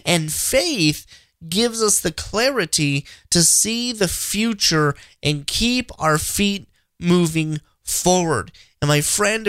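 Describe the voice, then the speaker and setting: A man in his thirties hosts a faith podcast, giving an inspirational talk in a slightly high, somewhat bright voice. He's earnest and repetitive, restarting often. The sound is clean studio quality with no echo.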